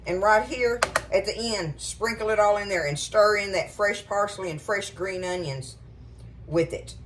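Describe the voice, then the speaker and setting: A woman's voice: mid-range voice, measured pace, background noise. A middle-aged woman, chatting casually to viewers about cooking in her home kitchen. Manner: folksy and chatty, addresses viewers as y'all. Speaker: cooking show host.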